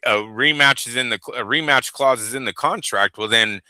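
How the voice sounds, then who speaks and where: Bright-voiced chatty man, dry sound. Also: mid-range voice, a little fast, no room sound. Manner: chatty, says "dude" and "bro" a lot. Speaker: boxing show co-host. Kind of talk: casual podcast chat.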